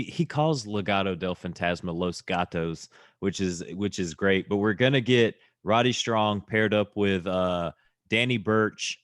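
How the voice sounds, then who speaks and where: A man's voice: on the low side, dry recording, clean studio sound. A man co-hosting a podcast, recapping segments in a laid-back, amused way. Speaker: podcast co-host, wrestling reviewer. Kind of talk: casual podcast review chat.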